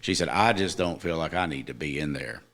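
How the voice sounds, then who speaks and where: A man's voice: a bass voice, brisk, vocal fry, a bit bright. A middle-aged man, a podcast guest, earnestly telling a personal story in casual chat, with emphatic moments.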